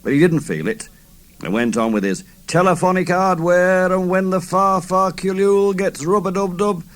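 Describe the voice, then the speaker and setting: A man's voice: high-pitched, moderate pace. A man in his fifties, an author reading his novel aloud in a theatrical, first-person style. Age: 50s. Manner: theatrical, swooping delivery.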